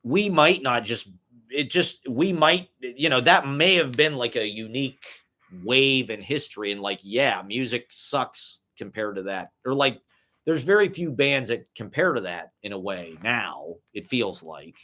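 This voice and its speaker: A man's voice: medium pitch, expressive, unhurried, sharp tone. A young man musing in a loose, casual monologue, swearing freely and padding his talk with "like" and "you know". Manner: loose, profane, full of "like" and "you know" fillers. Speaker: vlogger.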